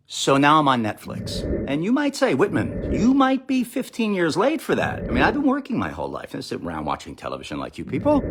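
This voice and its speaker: Wry man riffing with lively pitch. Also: breathy edge. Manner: sarcastic, rambling asides, mock quotes. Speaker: comedian streaming live to followers. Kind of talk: comic live-stream monologue. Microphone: phone or webcam live stream.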